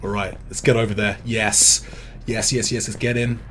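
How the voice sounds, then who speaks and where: A British gaming streamer talks casually over his play, reading out chat messages and poking fun at himself. He speaks on the low side in a level, fairly bright tone at a normal speed, against slight background noise.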